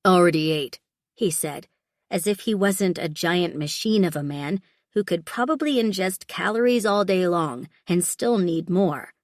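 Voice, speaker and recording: A woman narrating an audiobook in a steady, measured way. Her voice sits lowish for a woman, and the recording is dry and close with no room sound. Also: no echo. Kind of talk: scripted narration.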